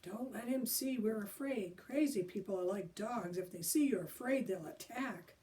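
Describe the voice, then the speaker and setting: A woman voicing an excitable scheming young boy who acts out sneezes as he plots. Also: medium pitch, moderate pace, far from the mic, lightly acted. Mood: whispery.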